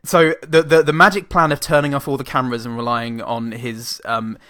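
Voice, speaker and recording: A man's voice: mid-range voice, flat delivery, fairly quick, sharp tone. A man co-hosting a comedy podcast, recapping a plot with frequent laughs and casual swearing. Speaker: podcast co-host. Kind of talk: casual comedic film chat.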